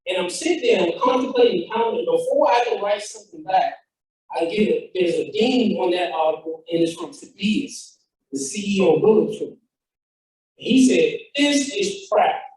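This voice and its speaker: A founder delivers a fired-up motivational talk, telling a story with quoted dialogue. His voice is high, a little mellow and moderately paced. He's off-mic and far away in an echoey hall.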